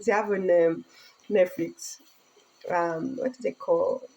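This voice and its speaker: A woman's voice: fairly low pitch, fairly even intonation, a little slow, creaky, darkish tone, low-quality recording. A woman vlogger in a casual chat, talking in rambling, emotional broken English and laughing often.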